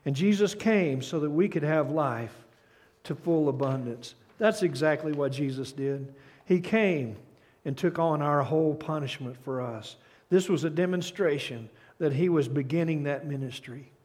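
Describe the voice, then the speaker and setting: An older man preaches with a voice pitched a little high for a man. He talks earnestly, often stumbles and restarts, and sinks into quiet, hushed phrases when he stresses a point. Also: normal speed. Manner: earnest, with frequent restarts and repeated words; reads a story aloud and drops to a soft, hushed tone at key points. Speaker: pastor. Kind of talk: sermon.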